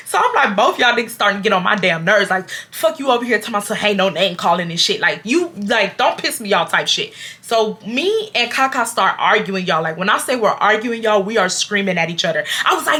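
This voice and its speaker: A woman, telling a storytime to her viewers in a blunt, animated and profane way. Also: medium pitch, fairly quick. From Houston, Texas. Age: 20s. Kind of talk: casual storytime.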